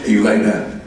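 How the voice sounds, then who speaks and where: A man performing a stand-up comedy set, telling animated, profane stories and acting out voices before a live audience. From Latino family. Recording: echoey live room, mic far off. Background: audience laughter.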